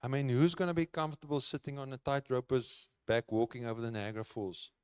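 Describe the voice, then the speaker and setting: A man's voice: mid-range voice, fairly even intonation, fast talker, darkish tone, clear, resonant tone, no echo, studio quality. A man preaching a sermon in an earnest, conversational way, repeating key phrases for emphasis. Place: church.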